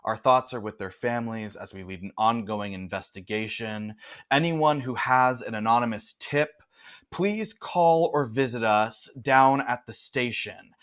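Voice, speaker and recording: A man's voice: mid-range voice, close to an everyday voice. A man doing a grim small-town sheriff. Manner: flat, measured press-statement tone.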